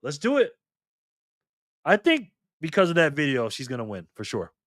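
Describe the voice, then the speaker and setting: A man's voice: fairly high pitch, huge pitch swings, moderate pace, fairly bright tone, no echo. A man hosting a casual livestream, chatting and laughing as he reads viewer comments aloud. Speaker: livestream host.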